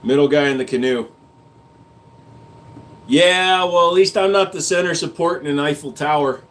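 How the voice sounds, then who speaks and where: A man's voice: fairly high pitch, normal speed, fairly bright tone, slight background noise. A man hosting a livestream, reading chat comments aloud and answering with crude jokes and casual gun talk. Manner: crude joking banter, reads comments aloud.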